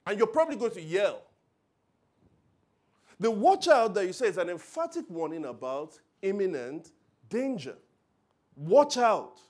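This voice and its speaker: A man preaching a sermon, telling stories with loud emphatic bursts and quiet asides. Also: on the high side. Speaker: pastor.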